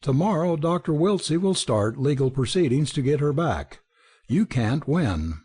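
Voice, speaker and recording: A man's voice: a little high, very animated, measured pace, a little mellow, husky, pitched above the performer's own voice, heavily acted. A man voicing a blunt, stubborn asylum attendant. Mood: insistent. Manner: curt, insistent.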